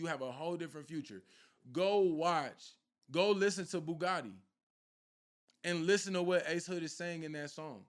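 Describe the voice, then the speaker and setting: A man's voice: high voice, a bit bright. A man giving a casual, preachy spiritual talk straight to his viewers, often repeating himself to press his point. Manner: preachy, repetitive, addresses viewers directly. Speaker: spiritual content creator.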